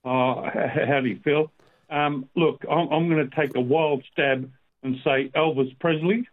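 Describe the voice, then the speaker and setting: A man's voice: on the high side, steady tone, unhurried. A man calling into a radio quiz, joking and stammering a little. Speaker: caller. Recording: tinny phone line.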